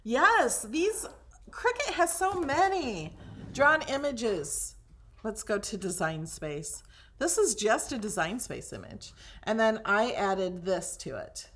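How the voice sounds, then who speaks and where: Slow, chatty higher-voiced woman crafter. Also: big pitch swings, fairly bright tone. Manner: chatty, thinks aloud, drops to a whisper over things she likes. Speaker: crafting tutorial host. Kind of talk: casual screen-share crafting tutorial.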